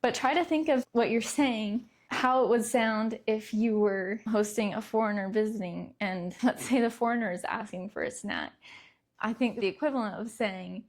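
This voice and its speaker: A woman's voice: on the high side, normal speed. A young adult woman hosting a parenting podcast, talking casually and laughing lightly between words. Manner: conversational, laughs lightly mid-sentence. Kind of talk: casual solo talk.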